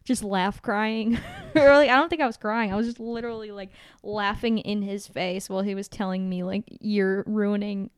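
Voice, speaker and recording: A woman's voice: medium pitch, normal speed, clear, resonant tone, no room sound, clean studio sound. A young woman on a podcast, giggly and full of fillers, telling a story in casual chat. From Massachusetts. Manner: giggly, laughs often, many fillers. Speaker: podcast co-host.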